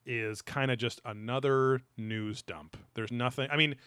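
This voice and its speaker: A man's voice: medium pitch, steady tone, a little slow, fairly bright tone, smooth, no room sound, clean studio sound. A man co-hosting a podcast, rambling in casual chat with many fillers and loose asides. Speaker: podcast co-host.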